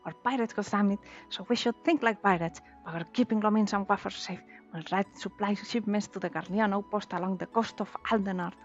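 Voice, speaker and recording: A woman voicing a brash, foul-mouthed female pirate captain from a video game, with a gruff put-on pirate accent and rolled R's. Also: mid-range voice, fairly quick, hardly any pauses, dull audio, faint music behind, close to an everyday voice. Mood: threatening. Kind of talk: reading game dialogue aloud in voices.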